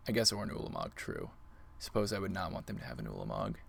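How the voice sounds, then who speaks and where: Gravelly-voiced man streaming a card game. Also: deep voice, huge pitch swings, quick pace, slight background noise. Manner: playful, talks to opponent and chat. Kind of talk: live game commentary.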